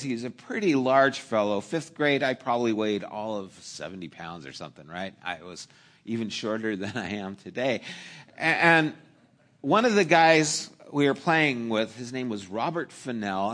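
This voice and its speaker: A man preaches in a middle-pitched voice, weaving a lively childhood story into his sermon. He tells it with humor and breaks off for playful asides to the congregation. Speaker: pastor.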